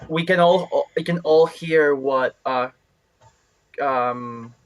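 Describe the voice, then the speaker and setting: A man's voice: a little high, slow pace, low-quality recording. A man playing in a tabletop game, talking casually and stumbling over repeated words. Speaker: player.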